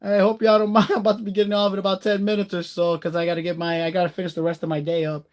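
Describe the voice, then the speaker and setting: A man chatting casually on a live stream, rambling and greeting viewers by name, warm-hearted and encouraging. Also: sits high, monotone, very fast.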